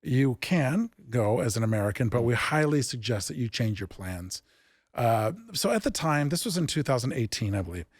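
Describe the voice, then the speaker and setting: A man who founded an improv theatre, telling stories in a casual interview and acting out the dialogue with lively jumps in pitch. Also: normal speed, dry recording, clean studio sound. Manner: animated, acts out quoted dialogue with big pitch jumps.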